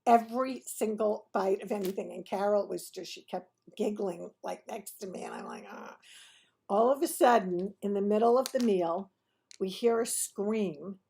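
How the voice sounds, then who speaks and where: A woman telling a funny personal story in a chatty, animated way, often laughing as she talks. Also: medium pitch, moderate pace, vocal fry, slightly rough. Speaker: host of a restaurant review TV show. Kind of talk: casual anecdotal storytelling.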